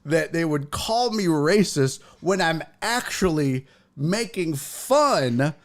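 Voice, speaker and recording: Animated, profane male show host. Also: fairly high pitch, slow pace. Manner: animated, profane, rambling, laughs often. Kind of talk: casual livestream chat.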